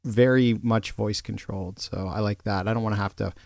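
In a casual podcast conversation, a male co-host rambles with lots of fillers and restarts. His lowish, darkish voice has vocal fry, fairly even intonation, and a fairly quick pace. The sound is clean studio audio without any room sound.

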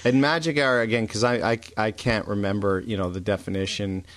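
A man with a low voice co-hosts a relaxed chat. His explanations are loose and easy, full of fillers, and his voice sits close and dry with no room sound. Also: a little fast, dry recording. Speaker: podcast co-host. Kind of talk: casual chat.

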